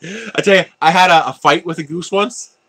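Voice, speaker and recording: A man's voice: high-pitched, normal speed, bright, forceful tone, husky. A man hosting a casual livestream while building a 3D printer, telling stories, laughing often and answering viewer chat. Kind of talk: casual live-stream chat.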